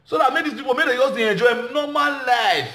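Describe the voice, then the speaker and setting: A man's voice: very high voice, fast, bright, forceful tone, echoey room. A man speaking Nigerian Pidgin English, giving an impassioned, repetitive speech as a comedian. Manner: emphatic, repetitive, shifts between Pidgin and English.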